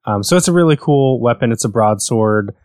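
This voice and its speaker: A man's voice: medium pitch, expressive, brisk, darkish tone, no room sound, studio quality. An American man chatting casually about video games, rambling and correcting himself as he goes. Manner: rambling, self-correcting, enthusiastic.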